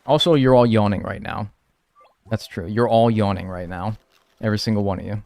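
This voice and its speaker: This gamer streams and chats with his audience in a creaky, darkish, fairly low voice at a fairly quick clip, with no room sound. Easygoing and full of slang, he leans on "dude" and "like" and reads out and replies to chat messages over the gameplay.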